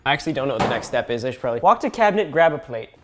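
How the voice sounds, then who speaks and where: A man's voice: medium pitch, very animated, rapid-fire, background noise. A young man doing comedic vlog commentary, playful and sarcastic with exaggerated outbursts. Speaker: YouTuber.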